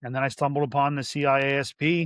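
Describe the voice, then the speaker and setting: A man's voice: mid-range voice, flat delivery, quick pace, a bit bright, clean tone, dry recording, clean studio sound. A man guest on a podcast, talking candidly and earnestly, with restarts and many fillers. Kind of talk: candid interview talk.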